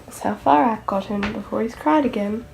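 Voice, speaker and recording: A woman's voice: fairly high pitch, fairly quick, vocal fry. A woman vlogger giving casual running commentary at home, chatting to her baby dolls and laughing often. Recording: noisy home video recording.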